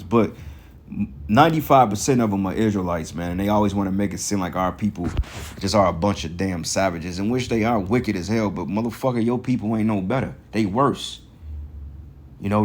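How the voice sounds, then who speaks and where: Angry cursing preacher man, low voice. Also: a little mellow, slight background noise. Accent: African American Vernacular English. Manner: reads scripture aloud. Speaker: street preacher. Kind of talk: profane street sermon.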